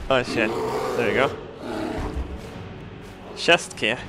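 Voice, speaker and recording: A man giving crude, comedic game commentary, laughing and breaking into excited outbursts. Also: medium pitch, a little slow, loud music behind the voice. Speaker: gaming commentator.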